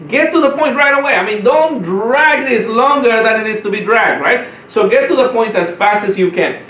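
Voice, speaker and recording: A man teaching real estate sales, talking fast and repeating himself, often checking in with "right?". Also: high-pitched, fairly bright tone, echoey room, distant mic, rough recording. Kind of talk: training talk.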